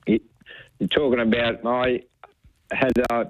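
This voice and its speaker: A man's voice: medium pitch, flat delivery, unhurried, dry recording. An older man with an Australian accent, calling into a radio show and chatting casually, rambling with lots of "you know"s. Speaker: caller. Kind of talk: casual radio call-in chat. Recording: tinny phone line.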